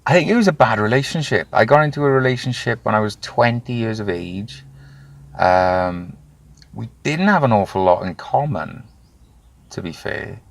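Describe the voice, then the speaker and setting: A man, telling his own story candidly in an interview, animated and swearing freely. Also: lowish voice, moderate pace, creaky. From Wales. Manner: animated, swears freely, acts out quoted voices. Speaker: guest.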